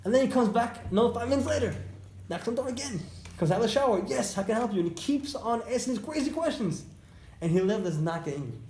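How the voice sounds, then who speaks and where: A man teaching an informal religious class to students, telling stories in an animated way and repeating phrases for emphasis. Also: very high-pitched, fast. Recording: echoey room, faint background noise.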